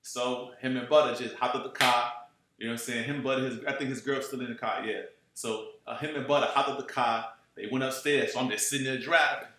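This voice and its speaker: Animated man telling a street story in an echoey room. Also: medium pitch, a little fast, slight background noise. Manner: animated, profane, streetwise slang, keeps asking "you know what I'm saying". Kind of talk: casual storytelling.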